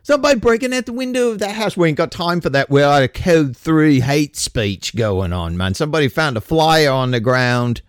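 A man's voice: high voice, steady tone, moderate pace, vocal fry, hardly any pauses, darkish tone, dry recording, clean studio sound, pitched above the performer's own voice. Man doing a mocking British bobby. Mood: eager. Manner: exaggerated put-on British accent. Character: mocking British bobby, eager self-important cop.

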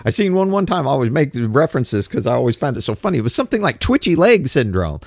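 A man's voice: medium pitch, very animated, fast, creaky, few pauses, dry recording, studio quality. A middle-aged man giving a rambling, skeptical, blunt casual monologue.

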